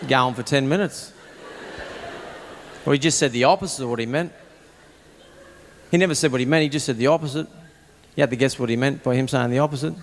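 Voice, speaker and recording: Deadpan Australian man telling stories. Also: medium pitch, fast, pauses often, in a large hall. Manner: dry, exasperated storytelling with deadpan asides. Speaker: stand-up comedian. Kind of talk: stand-up storytelling. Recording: loud background noise, stand-up clip.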